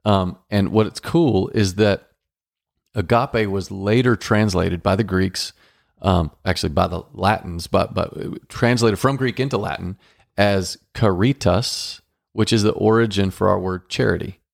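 A man's voice: low voice, measured pace, vocal fry, no echo, studio quality. A man co-hosting a casual marriage podcast, upbeat and playful, acting out little dialogues as he explains. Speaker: podcast co-host. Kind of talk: casual marriage advice chat.

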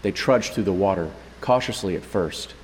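Deep-voiced male audiobook narrator. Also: moderate pace, big-room sound, a little hiss or hum, low-quality recording. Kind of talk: scripted narration.

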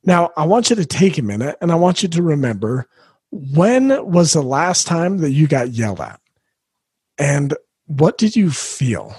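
A man's voice: fairly high pitch, big pitch swings, a little slow, a little mellow, husky, no echo. A middle-aged man hosting a solo parenting podcast, talking earnestly and reflectively as he coaches the listener.

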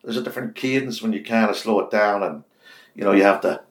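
A man in his sixties from Belfast with a West Belfast accent, a radio host chatting as an interview guest, telling stories in animated bursts with many restarts. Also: lowish voice, fast. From Northern Ireland. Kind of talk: casual interview chat. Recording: echoey office room.

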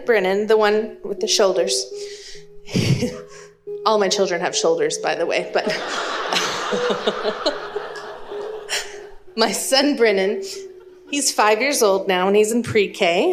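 A woman from East Texas, in her thirties, with an East Texas accent, tells a story to a live audience, slow and unhurried. Her voice sits fairly high. Her manner is humorous and self-deprecating. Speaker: speaker and Spanish teacher.

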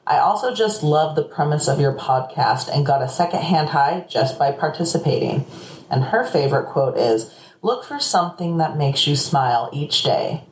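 A woman hosting a podcast, reading guests' quotes with a quick, playful, teasing manner. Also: low-pitched, expressive. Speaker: podcast host. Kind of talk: casual recap monologue. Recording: echoey room with faint noise.

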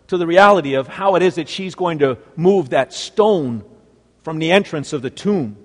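A male preacher telling a story in a sermon, swinging between loud exclamations and hushed, near-whispered lines. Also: sits high, in a large hall.

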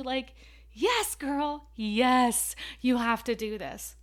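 Female podcast host, fairly high voice, emotional and emphatic motivational storyteller. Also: takes it slowly.

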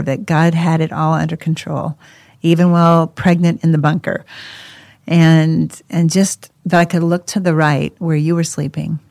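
A woman tells her own story in a relaxed podcast conversation, animated and quick to laugh. Her voice has a slightly gravelly edge. The sound is dry and close, with no room around it. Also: fairly low pitch, no room sound. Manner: animated, laughs often, acts out quoted voices. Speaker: co-host sharing her life story.

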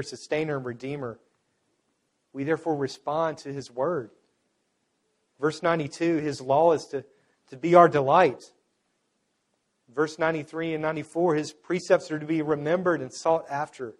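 A man preaching a sermon as pastor, earnest and emphatic, building points through repeated phrases. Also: fairly high pitch.

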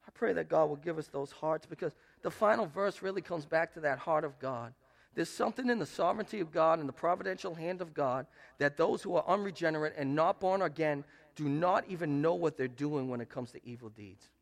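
A man preaching from the pulpit, his voice a touch higher than most men's and rough with gravel. He builds to loud, pressing peaks, then drops to hushed, tender passages as he drives his points home. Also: brisk. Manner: preaches with swings between loud emphatic rises and soft hushed quotes. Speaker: pastor. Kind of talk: sermon. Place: church sanctuary.

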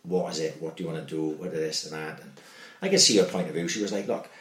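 A man's voice: a bass voice, fast, fairly bright tone. A man, co-hosting a podcast in casual, sweary chat, telling stories and often asking "do you know what I mean". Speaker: podcast co-host. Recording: roomy echo.

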